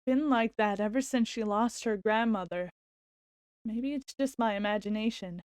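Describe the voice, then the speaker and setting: A woman streamer reading a visual novel's narration aloud and exclaiming excitedly as she plays. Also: a little high, clean tone, no room sound, studio quality. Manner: expressive, quick to exclaim.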